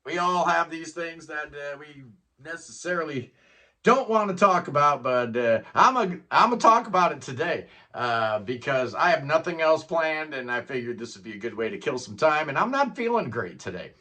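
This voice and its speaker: A middle-aged man holds forth alone to his viewers in a loose, chatty ramble. His voice sits a little high for a man and rings bright, and he keeps dropping "man" at the ends of his sentences. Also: very animated, normal speed. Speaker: music vlogger. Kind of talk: casual solo monologue.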